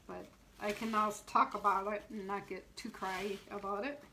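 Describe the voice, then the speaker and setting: A middle-aged shop owner demonstrates wreath making on a live stream, chatting, laughing and greeting viewers by name as she works. Her mid-range voice is bright, forceful and steady at a moderate pace, and the rough recording has a little hiss or hum.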